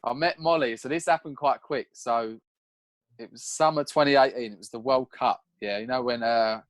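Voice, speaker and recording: A young man telling his story in a casual podcast chat, animated and swearing now and then, acting out what he said back then. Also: medium pitch, moderate pace, no room sound. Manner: animated, acts out his own past lines in a raised voice. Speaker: podcast guest.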